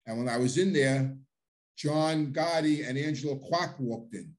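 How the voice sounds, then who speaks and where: A man's voice: medium pitch, unhurried, darkish tone. A middle-aged man telling his own life story in a loose, rambling way, full of restarts and plain street talk. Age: middle-aged or older. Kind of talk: casual storytelling monologue.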